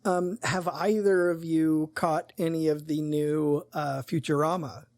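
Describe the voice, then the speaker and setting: A co-host chatting casually with friends, eager and quick to agree, steering the conversation with questions. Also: medium pitch, steady tone, darkish tone, dry recording, studio quality. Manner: enthusiastic, quick to agree and laugh. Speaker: podcast co-host. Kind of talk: casual chat.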